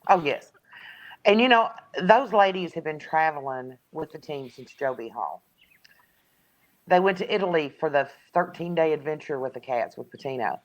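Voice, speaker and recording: A woman, a guest in a casual sports chat, telling lively stories and laughing often. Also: deep voice, moderate pace. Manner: chatty storyteller who laughs often.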